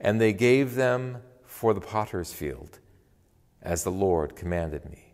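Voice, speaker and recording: A man reading scripture in a worship service, expressive and deliberate. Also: deep voice, long reverb tail. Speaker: lay reader. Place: church.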